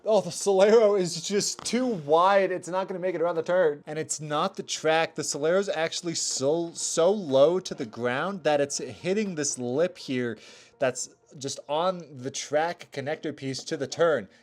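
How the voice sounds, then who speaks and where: A young man hosting his channel, giving energetic play-by-play commentary on toy car races. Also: on the high side, measured pace. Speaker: toy car race host. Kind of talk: race commentary vlog.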